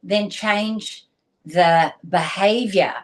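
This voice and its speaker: A woman's voice: mid-range voice, very slow. A woman, a guest on a video call, telling a personal story candidly with emotion and restarts. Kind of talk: casual video-call interview.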